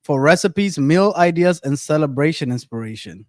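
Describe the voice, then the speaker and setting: A man's voice: a little high, lively intonation, normal speed, darkish tone, no room sound, studio quality. A man hosting a podcast in a casual, joking, slang-heavy way. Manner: laid-back, joking, slangy. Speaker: podcast host. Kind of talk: casual chat.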